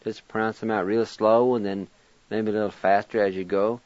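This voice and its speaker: A man's voice: on the low side, flat delivery, moderate pace, darkish tone, no echo, lo-fi sound. A man teaching word pronunciation, spelling each word letter by letter and encouraging learners. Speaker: language teacher and radio host. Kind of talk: slow spelling and pronunciation lesson.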